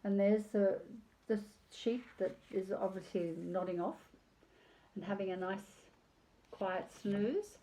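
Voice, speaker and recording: An older woman reading a picture book aloud on video, chatty and digressive, pausing to talk about the pictures. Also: medium pitch, mellow, slight background noise.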